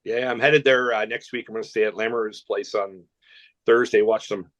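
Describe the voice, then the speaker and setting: A man's voice: fairly low pitch, fairly even intonation, fairly bright tone. Man, from Canada, podcast guest, rambling anecdotes, lots of restarts. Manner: fast rambling anecdotes with frequent restarts and laughter. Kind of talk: casual storytelling chat.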